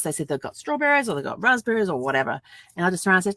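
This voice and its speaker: A woman's voice: on the low side, very animated, very fast, pushed and bright, no room sound. An older woman chatting casually to camera at home, laughing often and acting out little dialogues as she tells stories. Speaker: vlogger. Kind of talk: casual storytelling vlog.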